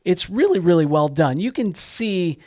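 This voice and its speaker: Male podcast co-host, somewhat high voice, dry close sound, chatty and fact-heavy. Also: lively intonation, normal speed, a little mellow, no room sound. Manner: chatty, lists facts and dates. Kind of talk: casual chat about holiday films.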